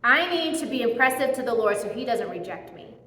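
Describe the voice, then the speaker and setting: Anxious worrying Martha put on by a woman, high bright voice, long hall reverb. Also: animated. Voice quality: anxious, rushed. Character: frantic, people-pleasing hostess Martha, adult woman.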